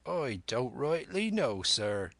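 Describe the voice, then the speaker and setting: A man voicing a sheepish, grey-haired old sailor who answers low and deferentially. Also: big pitch swings, takes it slowly, vocal fry, a bit bright, no echo, exaggerated voice. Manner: mumbling, deferential.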